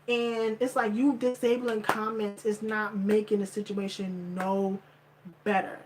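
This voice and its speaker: A woman's voice: mid-range voice, level tone, a little slow, a little mellow, a little hiss or hum, low-quality recording. A woman vlogger ranting in blunt, profane commentary, repeating her points for emphasis. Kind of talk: heated commentary rant.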